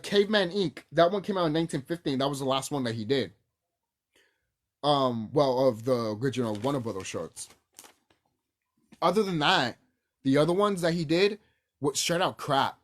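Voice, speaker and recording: Man, somewhat high voice, casual unscripted review, rambling, profane, lots of fillers, sudden excited jumps. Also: normal speed, long pauses. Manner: excitable, big swings in pitch and loudness. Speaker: cartoon reviewer.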